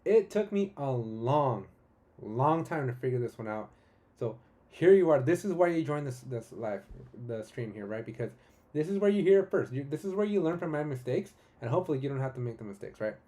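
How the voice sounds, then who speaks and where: Enthusiastic man with a mellow voice. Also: medium pitch, animated, brisk. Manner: casual and enthusiastic, with frequent "right?" and restarts. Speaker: tutorial host. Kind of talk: live-streamed software tutorial.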